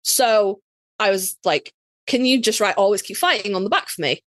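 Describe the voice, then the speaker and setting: A woman's voice: mid-range voice, expressive, normal speed, a bit bright, dry recording. A woman from Yorkshire with a Yorkshire accent, co-hosting a podcast and telling a story in casual chat, swearing freely and acting out quotes. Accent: Yorkshire English. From Yorkshire, England. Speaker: podcast co-host.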